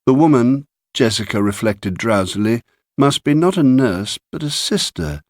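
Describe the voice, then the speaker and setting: A man narrating a literary short story in a measured, unhurried way. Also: medium pitch, animated, no room sound, clean studio sound. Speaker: audiobook narrator.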